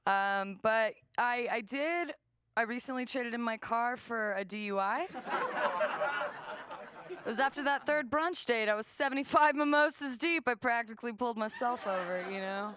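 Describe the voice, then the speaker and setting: A young woman from the American South doing a stand-up set, deadpan and self-mocking, chuckling between jokes. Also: fairly high pitch, normal speed, noisy background. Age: young adult. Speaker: stand-up comedian.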